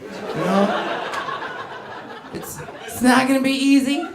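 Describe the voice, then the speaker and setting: A woman's voice: sits high, slow, echoey room, noisy background. A woman doing a stand-up comedy set in a club, brash and crude, working the crowd and laughing between her lines.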